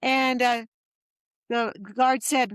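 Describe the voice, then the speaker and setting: A woman's voice: a little high, slow pace, no echo, clean studio sound. A middle-aged woman telling her story as a podcast guest, acting out the voices of people she quotes. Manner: lively storyteller who acts out quoted voices.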